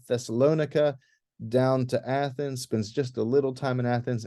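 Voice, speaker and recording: A man giving an informal, conversational presentation to a church group about a planned trip, leading it as clergy. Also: mid-range voice. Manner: relaxed, conversational with many restarts. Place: church hall.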